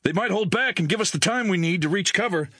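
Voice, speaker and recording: A man's voice: sits high, expressive, quick pace, a bit bright, husky, no room sound, studio quality, voice pushed up, full character voice. A man voicing a young male helicopter crewman who sounds strained and anxious. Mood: tense.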